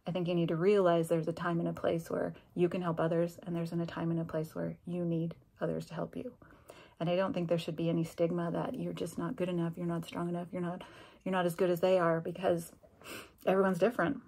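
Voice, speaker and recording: A woman's voice: fairly low pitch, monotone, brisk, gravelly, a little mellow, husky. A middle-aged woman, a former special education teacher, candidly telling a personal story in a vlog and acting out the conversations she quotes. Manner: candid, conversational, acts out dialogue with quoted voices.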